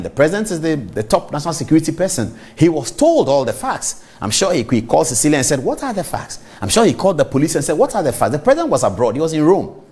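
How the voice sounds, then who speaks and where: A middle-aged man with a Ghanaian accent, hosting a TV talk show and delivering an emphatic commentary monologue straight to viewers. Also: a little high. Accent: Ghanaian English. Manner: emphatic, animated, addresses viewers directly.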